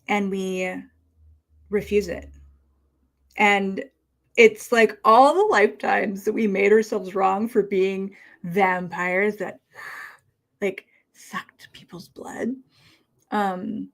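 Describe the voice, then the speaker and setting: A woman hosting a casual live stream, talking with a slight lisp from costume fangs, musing and trailing off as she speaks. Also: medium pitch. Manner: slow, musing, trailing off and restarting. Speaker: livestream host.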